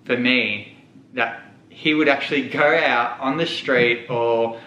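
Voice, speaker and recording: A man's voice: mid-range voice, steady tone, slow, sharp tone, dull audio. A young man telling a personal story to the camera, candid and on the verge of tears. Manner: candid, tearful, holding back tears. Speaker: vlogger. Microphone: camera mic. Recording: echoey room.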